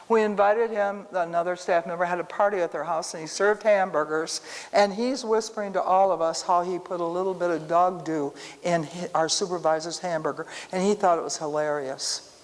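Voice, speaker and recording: A woman teaching a casual sermon full of personal stories, talking straight to her listeners. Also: on the low side. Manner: animated storytelling, talks to the room. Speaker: Bible teacher. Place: church hall. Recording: reverberant church hall.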